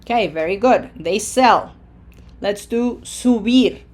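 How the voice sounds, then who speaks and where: Lady teacher talking slow, drawing out each spanish verb form for you to repeat. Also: mid-range voice, a little mellow. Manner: slow, drills conjugations aloud with stretched vowels. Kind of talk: slide-based language lesson.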